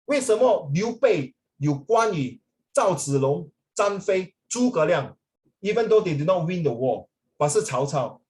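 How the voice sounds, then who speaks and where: Singaporean guy teaching, slightly high voice, chatty, mixes english and mandarin, keeps going "right?". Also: sing-song, unhurried, darkish tone, low-quality recording. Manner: chatty, switches between English and Mandarin, asks students for agreement. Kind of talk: casual classroom talk to students.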